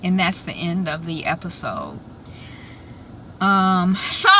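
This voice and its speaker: A woman host chatting casually in a vlog recap, rambling with many fillers and restarts, now and then bursting with excitement. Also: fairly low pitch, takes it slowly, long pauses, a little hiss or hum.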